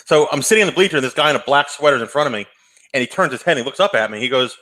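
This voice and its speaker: A man co-hosting a casual show, telling a story in a fast, animated way. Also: mid-range voice, rough recording. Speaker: co-host.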